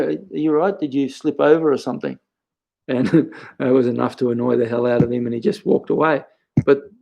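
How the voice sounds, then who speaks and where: An older Australian man talks through fighting technique as a karate instructor. His voice sits at an ordinary middle pitch, and he explains in an easy, conversational way, breaking off now and then for stories. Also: darkish tone, rough recording. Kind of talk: instructional talk.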